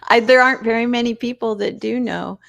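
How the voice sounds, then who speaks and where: A woman chatting casually on a podcast, unhurried and amused. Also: fairly high pitch, fairly even intonation, gravelly, a crowd in the background. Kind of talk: casual chat.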